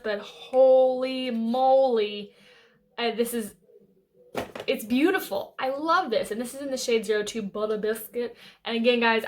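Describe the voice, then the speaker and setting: A young woman beauty vlogger chatting casually and gushing enthusiastically about her favorite makeup. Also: fairly high pitch. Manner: gushing, enthusiastic, lots of fillers and restarts.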